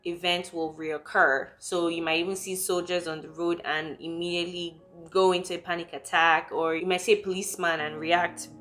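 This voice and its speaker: A young woman from Nigeria, talking candidly and emotionally in a personal vlog, quick and full of fillers. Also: lowish voice, little pitch movement, fairly bright tone, faint music behind. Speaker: vlogger.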